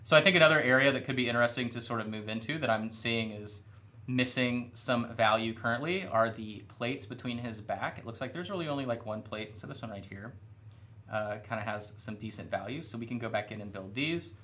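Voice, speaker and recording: In a studio room, a young man with a mid-range voice talks briskly while painting miniatures on a live stream. He's relaxed and a bit rambling, often poking fun at himself.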